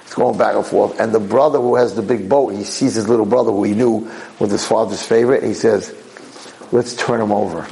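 A man giving a Torah lecture, telling a parable in an animated way. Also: on the low side, brisk, gravelly, hardly any pauses, rough recording. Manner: animated, acts out voices. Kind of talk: sermon storytelling.

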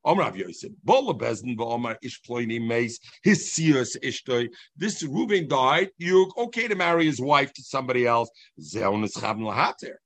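A man teaching a Talmud class, explaining each passage in a sing-song, animated way and mixing in Hebrew and Yiddish terms. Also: mid-range voice, normal speed, few pauses, no room sound.

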